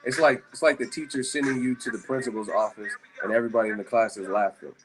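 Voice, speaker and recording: A man's voice: mid-range voice, steady tone, fast talker. A man hosting a boxing live stream, rambling and cursing through tired, casual banter with his viewers. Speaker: boxing channel host. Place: hotel room in Las Vegas. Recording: music playing behind.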